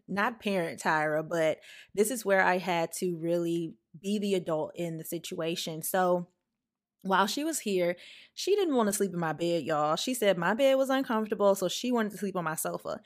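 A woman in her twenties hosting a podcast and telling a personal story in a candid, chatty way. She talks straight to her listeners and gets animated when she quotes herself. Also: medium pitch, normal speed. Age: 20s. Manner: chatty, addresses listeners as "y'all". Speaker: podcast host.

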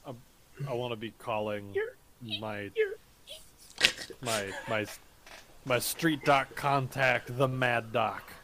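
Halting man playing a tabletop game. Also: mid-range voice, fairly even intonation, noisy background. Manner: halting, lots of restarts and fillers. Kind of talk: in-character table talk.

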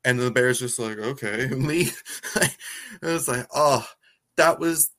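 A man co-hosting a podcast, giggling and reacting expressively while recapping a movie. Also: a little slow. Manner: giggly, expressive, jumps up in pitch when reacting. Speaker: podcast co-host. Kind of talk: casual chat recapping a movie.

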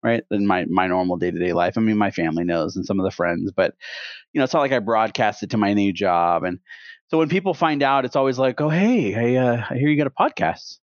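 A man's voice: lowish voice, animated, fast, no room sound. Rambling man on a podcast. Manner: rambling, opinionated, many restarts. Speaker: podcast co-host. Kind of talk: casual podcast chat. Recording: dull, dry podcast audio.

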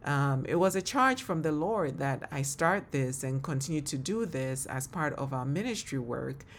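A woman with a Ghanaian accent speaks on her solo faith podcast in a low, full voice. Her talk is earnest and heartfelt, and she laughs often as she reflects. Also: animated, moderate pace, a little hiss or hum. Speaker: podcast host and ministry leader.

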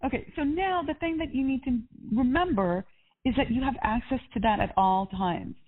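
A woman's voice: sits high, normal speed, slightly rough. A woman life coach on a coaching call, chatty and upbeat, with lots of casual fillers. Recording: tinny phone line.

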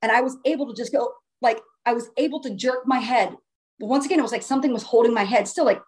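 A woman's voice: fairly high pitch, quick pace, a little mellow. A woman telling her own story in a casual, earnest way, often restarting her phrases for emphasis. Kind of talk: casual first-person storytelling.

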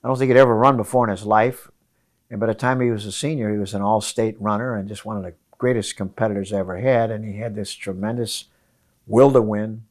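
In a hotel room, a high school running coach answers interview questions emphatically, repeating his key phrases. His voice is a little mellow.

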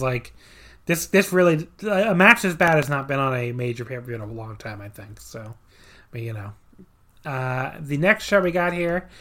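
A man's voice: medium pitch, fairly bright tone. A man co-hosting a podcast, casually recapping a wrestling match with dry sarcasm and many fillers.

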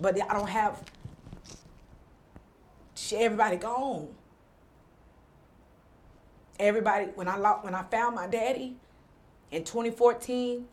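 A woman guest talking candidly in an interview, rambling and full of "like". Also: medium pitch. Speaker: entrepreneur guest.

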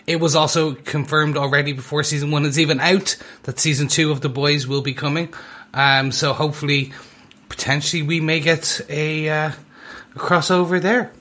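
Male co-host from Ireland, fairly high voice, bright tone, jokey. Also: steady tone, normal speed. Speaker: podcast co-host. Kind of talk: casual review chat.

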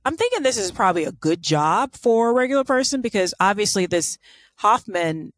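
A woman's voice: mid-range voice, very animated, fairly quick, no echo. A woman co-hosting a podcast, telling a life story in casual, irreverent chat. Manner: chatty and irreverent, apologetic about pronunciation. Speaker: podcast co-host.

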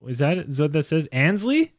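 A man's voice: medium pitch, normal speed, no echo. A Canadian man co-hosting a podcast in a studio, chatting casually, joking and reading viewer messages aloud. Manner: joking, playful, reads chat messages aloud. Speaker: podcast co-host. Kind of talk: casual chat. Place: home recording studio. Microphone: studio mic.

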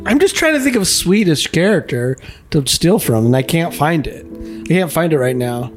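A man as a guest on a comedy podcast, giggly and flustered, talking in an animated way. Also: on the high side, moderate pace, soft background music. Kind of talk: casual comedy chat.

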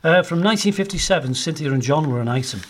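A man's voice: on the high side, lively intonation, quick pace, a little hiss or hum. A man co-hosting a podcast, telling a long story in a chatty, rambling way with many fillers. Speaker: podcast co-host.

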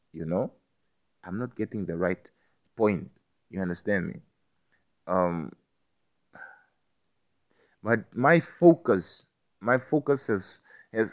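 A man talking in a rambling monologue, stammering and repeating himself, swearing often and asking if you understand him. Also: fairly low pitch.

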